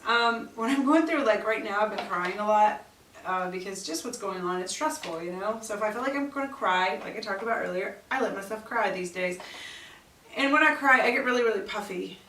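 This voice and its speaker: A woman's voice: medium pitch, fairly quick, fairly bright tone, far from the mic, a little hiss or hum. Chatty, blunt woman in a roomy echo. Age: middle-aged. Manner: chatty, blunt, exasperated asides. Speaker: beauty vlogger. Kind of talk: casual product review chat.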